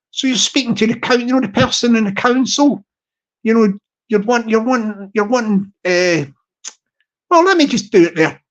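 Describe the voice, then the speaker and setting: A man's voice: high-pitched, expressive, normal speed, muffled recording. Rambling man with a lighter voice. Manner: rambling, stop-start, full of restarts and fillers. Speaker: livestream host. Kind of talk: casual livestream chat.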